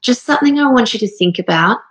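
A woman's voice: on the high side, expressive, fast, rough recording. A woman in her thirties telling a personal story in a casual, earnest, rambling way with many fillers, emotional and near tears. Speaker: speaker sharing a personal story. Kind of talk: casual heartfelt monologue.

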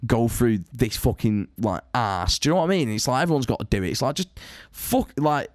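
Male podcast host, sweary rant, lively swinging pitch, dry close sound. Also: brisk, no room sound. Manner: sweary, ranting, animated. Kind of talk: casual chat.

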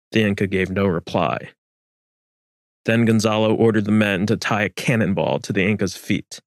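A man reading historical fiction as narrator in a measured, solemn manner. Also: fairly low pitch, no room sound, clean studio sound.

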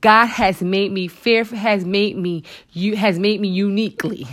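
Speaking at normal speed with a medium-pitched voice, a woman hosts a faith talk show with a motivational Christian message. Her preaching is expressive and emotional, addressed conversationally to listeners she calls "girl" and "honey," with many asides and exclamations to the Lord.

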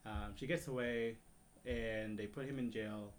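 A man's voice: on the low side, steady tone, a little hiss or hum. Hesitant man recapping a plot. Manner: hesitant, many "um" pauses. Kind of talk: casual chat recapping a movie plot.

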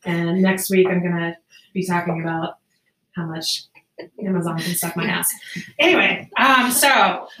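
A woman hosting a casual podcast, telling a story in a profane, animated way with quick laughs. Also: on the low side. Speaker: podcast host. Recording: roomy, distant amateur podcast mic.

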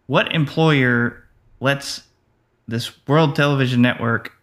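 A man co-hosting a casual movie-review podcast, speaking in a dry, matter-of-fact way with many pauses. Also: medium pitch, fairly bright tone. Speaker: podcast co-host.

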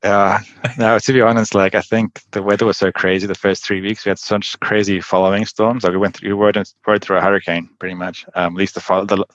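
A man's voice: lowish voice, little pitch movement, fairly bright tone, no echo, muffled recording. A man guest telling adventure stories in a casual interview, rambling with lots of "like" and laughing often. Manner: fast, laughing, rambling with many "like"s. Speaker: endurance athlete guest.

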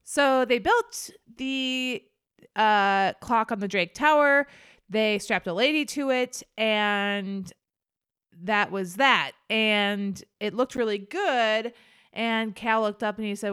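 A woman's voice: a little high, slow, a bit bright, clear, resonant tone, no room sound, studio quality. A woman co-hosting a comedy podcast, casually chiming in and recapping.

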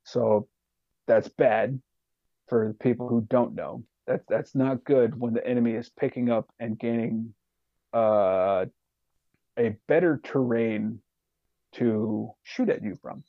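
A man telling a profane, animated war story as a podcast guest. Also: mid-range voice, takes it slowly, dry recording, narrow, tinny audio. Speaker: podcast guest, retired soldier. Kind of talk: casual storytelling.

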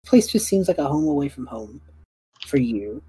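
A young woman narrating a tabletop game as game master, casual and full of fillers, clearing her throat now and then. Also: low-pitched, sing-song, normal speed, mellow, dry recording.

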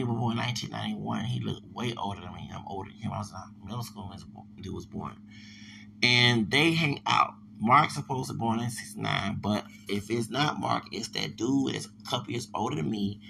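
Guy, 40s, super gravelly voice, rambling podcast talk, keeps restarting. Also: fairly low pitch, background noise. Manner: digressive, repetitive, stumbling restarts.

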